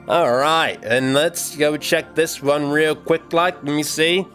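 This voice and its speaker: A man's voice: on the high side, takes it slowly, few pauses, a bit bright, soft background music. A man livestreaming while he works, chatting casually and thinking aloud to his viewers. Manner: rambling, thinks aloud, talks to chat.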